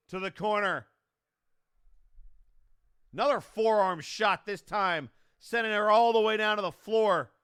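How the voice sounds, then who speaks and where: A man doing play-by-play wrestling commentary, getting worked up and yelling at the referee. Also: sits high, smooth. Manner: excitable, yelling at big moments, complains at the referee.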